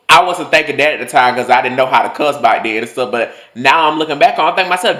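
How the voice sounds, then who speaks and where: A man's voice: fast, few pauses. Chatty young man telling a story in a roomy room. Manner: animated, swings into loud high mocking outbursts; loose and profane, many fillers. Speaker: vlogger. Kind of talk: storytime vlog. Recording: roomy echo.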